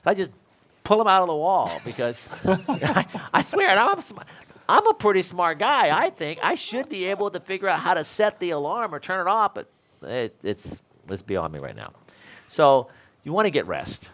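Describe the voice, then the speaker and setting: A man's voice: high-pitched, huge pitch swings, moderate pace, a bit bright. A man in his sixties, an electrical code instructor, talking casually with fellow instructors in a rambling, self-deprecating way and laughing often.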